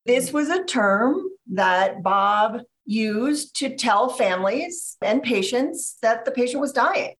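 A woman author being interviewed on a podcast, speaking in a measured, thoughtful way and slowing down to stress ideas. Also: fairly high pitch, expressive.

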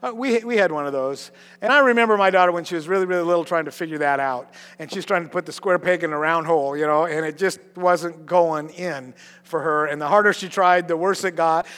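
A middle-aged man preaching from the pulpit in a bright, high register. He stumbles through repeated words as ideas rush in, then drops almost to a hush to press a point home. His voice rings through a big hall with a long reverb tail. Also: brisk. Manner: animated, repeats words and restarts, dips to a hush for emphasis. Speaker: pastor. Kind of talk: sermon.

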